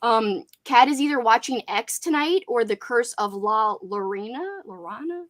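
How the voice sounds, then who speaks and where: A woman's voice: on the high side, normal speed, a bit bright. A young woman hosting a casual livestream chat about books, talking loosely with plenty of fillers and reading out viewer comments. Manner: chatty, lots of "like" fillers, reads chat aloud. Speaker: booktube host.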